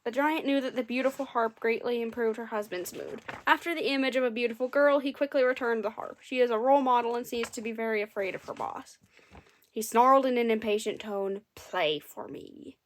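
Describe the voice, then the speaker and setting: A woman's voice: on the high side, fairly even intonation, brisk. A woman reading a fairy tale aloud and adding dry, amused comments between passages. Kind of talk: comedic story reading with wry asides.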